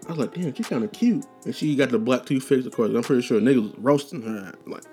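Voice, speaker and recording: A man's voice: medium pitch, fast talker, darkish tone, faint music behind. A young man hosting a casual storytelling podcast, talking loose and profane with slang, restarts and tangents. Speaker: podcast host.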